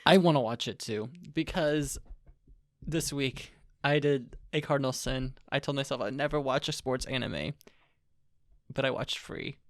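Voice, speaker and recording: A young man rambles on a podcast, making fun of himself and laughing along, at a middling pitch. His voice sits close and dry, with no room sound. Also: no echo. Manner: rambling, self-deprecating, quick laughs. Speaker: podcast co-host. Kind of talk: casual chat.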